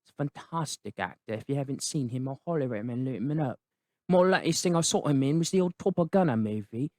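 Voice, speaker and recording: A man's voice: medium pitch, animated, fast, mellow, no echo, clean studio sound, natural voice. A man voicing a cheeky, rambling adult British fixer in a put-on British accent, dropping slang tags as he chatters. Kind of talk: comedic character review.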